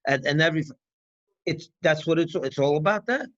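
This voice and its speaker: A man's fairly high voice with a lilt, talking through a teaching session in a loose, conversational way. He keeps firing off rhetorical questions and circling back to restart his thoughts. The recording sounds dull and dry. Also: normal speed, fairly bright tone, dry recording. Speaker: rabbi. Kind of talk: farbrengen talk.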